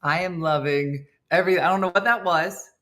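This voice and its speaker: A middle-aged woman hosting a comedic morning show, chatting in a loose, animated way with frequent laughs and asides. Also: on the low side, normal speed. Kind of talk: casual comedic chat.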